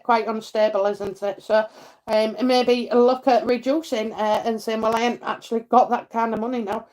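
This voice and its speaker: A middle-aged woman with a Yorkshire accent, hosting a live psychic stream and chatting warmly with viewers between comments, full of fillers and endearments. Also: fairly high pitch. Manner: chatty, many fillers, laughs, calls people darling and lovely. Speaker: psychic reading host.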